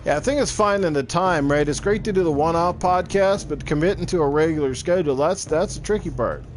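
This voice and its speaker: A man's voice: a little high, brisk, a little hiss or hum. A middle-aged man chatting casually while streaming a game, rambling and swearing freely. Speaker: gaming streamer. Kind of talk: casual chat while gaming.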